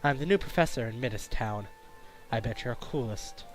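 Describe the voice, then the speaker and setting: Man putting on a calm kind professor voice, lower and quieter than his own, measured, game dub, faint music behind. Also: natural voice, poor audio. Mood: earnest. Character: calm kindly male professor, new in town.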